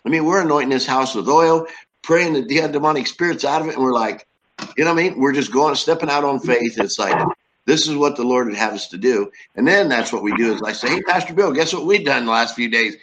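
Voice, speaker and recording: A man speaks in a plainspoken, folksy way at an ordinary pitch, rambling as he goes. A faint noise sits under the recording. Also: brisk, fairly bright tone, poor audio. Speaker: lay minister. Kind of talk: casual chat.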